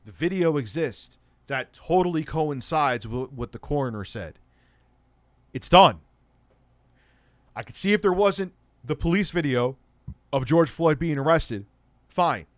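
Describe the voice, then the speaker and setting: A man's voice: a little high, animated, a little slow, pauses often, no room sound. A man hosting an online show, giving casual, sarcastic commentary on clips. He sounds exasperated and swears freely. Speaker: host.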